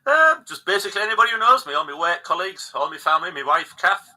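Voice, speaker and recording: An English man with a very bright, edgy tone talks in a relaxed, casual way. He drifts through his answers with little fillers and restarts, unhurried and friendly. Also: sits high. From England. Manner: easygoing, hesitant with fillers. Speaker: guest musician. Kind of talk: casual interview chat.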